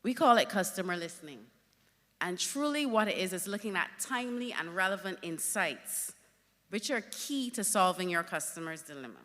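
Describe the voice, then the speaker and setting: A woman speaks at a conference, telling her stories with lively emphasis. Her voice is bright and forceful, and it rings with the long reverb of a big hall. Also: on the low side, normal speed. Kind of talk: conference talk.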